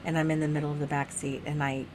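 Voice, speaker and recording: A woman casually telling a vivid dream story in a chat, animated, swearing freely and laughing as she goes. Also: low voice, quick pace, background noise. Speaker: guest sharing a dream.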